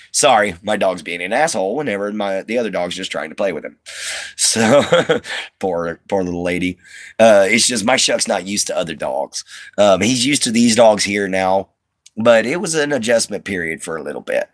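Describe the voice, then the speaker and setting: A man's voice: on the low side, lively intonation, moderate pace, no echo. A man from the Southern US with a slight Southern twang, hosting a rambling, easygoing livestream chat with his viewers from inside an RV. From Southern United States. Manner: rambling, easygoing, many fillers and restarts. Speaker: livestream host.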